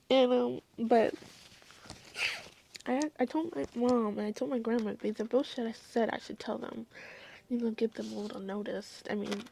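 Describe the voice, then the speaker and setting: A young woman telling a long, emotional story in a casual vlog, rambling and often sinking into soft whispers. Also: on the high side, creaky, slight background noise. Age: young adult. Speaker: vlogger.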